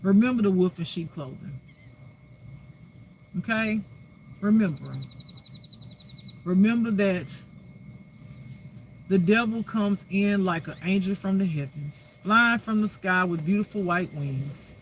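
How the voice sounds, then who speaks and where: A man's voice: sits high, takes it slowly, long pauses, a little hiss or hum. A man giving a spiritual reading as a life teacher, preaching emphatically with rhetorical questions.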